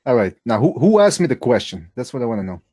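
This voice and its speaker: A man on an online boxing panel, talking fast and answering challenges with incredulous, defensive questions. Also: mid-range voice, very animated, warm tone, slightly rough. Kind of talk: heated livestream debate.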